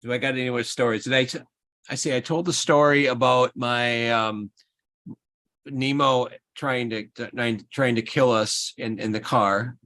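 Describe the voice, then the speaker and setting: A man hosting a livestream in casual chat, telling an animated, rambling story. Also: medium pitch, a little slow. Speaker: livestream host.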